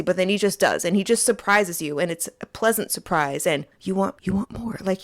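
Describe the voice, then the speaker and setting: Animated woman rambling about a fan favorite. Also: medium pitch. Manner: playful and animated, addressing the listener directly. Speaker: host. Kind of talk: casual fan commentary monologue. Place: small closet indoors.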